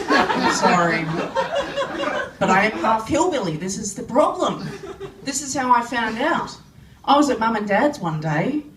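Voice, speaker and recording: A woman with an Australian accent doing a self-deprecating stand-up set in a pub, recorded by a phone from the crowd. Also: on the high side. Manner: self-deprecating, animated storytelling. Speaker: stand-up comedian. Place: pub comedy club. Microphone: phone camera from the audience. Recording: echoey pub room from far, noisy.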